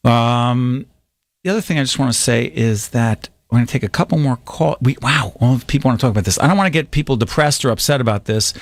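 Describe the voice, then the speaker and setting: A man hosting a call-in radio talk show, chatty and quick to laugh. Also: medium pitch, no room sound. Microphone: studio microphone.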